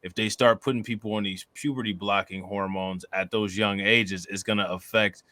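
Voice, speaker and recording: Bright-voiced man explaining. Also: fairly low pitch, fairly even intonation, moderate pace, dry recording. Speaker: co-host. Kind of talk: casual commentary chat.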